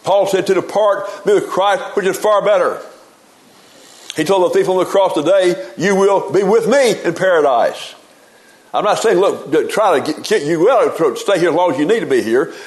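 A man's voice: high-pitched, expressive, moderate pace, poor audio. A man preaching a sermon in a folksy, emphatic way, often repeating words as he gets going.

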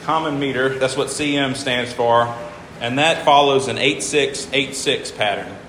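Bright-voiced man teaching in an echoey hall. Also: mid-range voice, measured pace, slight background noise. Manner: patient, stops to count syllables aloud and repeats himself. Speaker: teacher explaining hymn meters. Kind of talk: informal classroom lecture.

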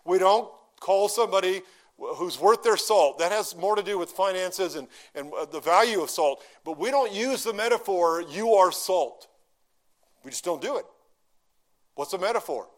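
A middle-aged pastor with a high voice preaches in a relaxed, conversational teaching style. He poses questions to the congregation and slows down to draw out key phrases for emphasis.

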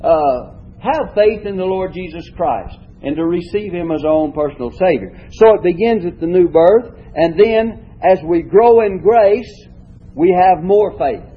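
A fairly high, husky male voice delivers a Bible lesson at a measured teaching pace. He leans on single words as he reads verses aloud. The recording sounds dull and lo-fi. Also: animated. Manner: measured teaching, reads scripture slowly with shifting emphasis.

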